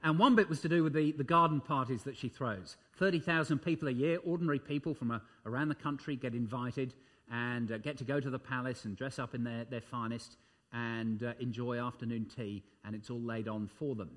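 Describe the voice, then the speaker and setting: A man preaching a sermon, emphatic, swinging his voice up and dropping it low for effect, with frequent ums and uhs. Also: a little fast, a bit bright.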